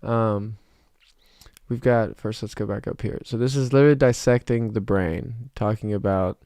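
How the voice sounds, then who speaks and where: A man's voice: lowish voice, moderate pace, dark tone, dry recording, clean studio sound. A man in his twenties from South Georgia, hosting a casual livestream and chatting with viewers in a rambling way, with lots of fillers. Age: 20s. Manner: rambling, many fillers and restarts. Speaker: livestream host. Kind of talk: casual livestream chat, reading chat.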